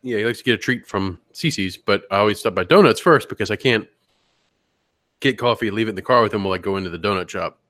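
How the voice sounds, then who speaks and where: A man co-hosting a podcast, chatting casually and telling anecdotes with animated voice impressions. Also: fairly low pitch, fast talker, no room sound. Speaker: podcast co-host. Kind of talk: casual chat.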